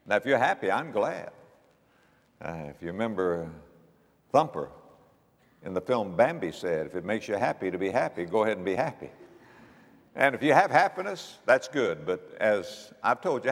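A man's voice: medium pitch, big-room sound. A man preaching a sermon in an emphatic, dynamic way, often chuckling.

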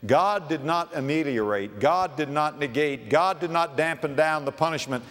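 A man preaching a sermon, swinging from loud declarations to hushed low phrases, with slow emphatic repetition. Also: big-room sound.

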